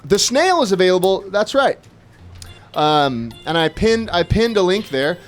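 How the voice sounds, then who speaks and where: A man's voice: sits high, very animated, unhurried, soft background music. A man co-hosting a casual livestream from an indoor studio, chatting and reading viewer comments aloud. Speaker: livestream co-host. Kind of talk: casual livestream chat with auction.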